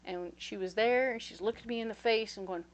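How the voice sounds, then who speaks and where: A woman's voice: a little high, moderate pace, dull audio. Chatty, reassuring woman reading tarot. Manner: chatty, reassuring, checks in with listeners; storytelling with acted-out voices. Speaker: tarot reader. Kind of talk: casual tarot reading to camera.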